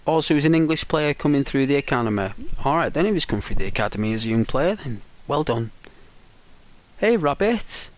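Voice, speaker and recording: A man's voice: medium pitch, lively intonation, fairly quick, dry recording. A young man streaming a game, chatting casually with viewers, answering their messages, rambling and laughing often.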